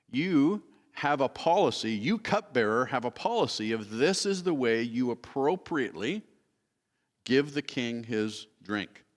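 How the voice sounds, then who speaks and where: A man of middle pitch teaches from scripture in a sermon, explaining steadily and reading passages aloud. He pauses now and then to rephrase himself. His voice rings with the long reverb of a large church hall. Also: a bit bright. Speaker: preacher teaching a Bible study. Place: church sanctuary.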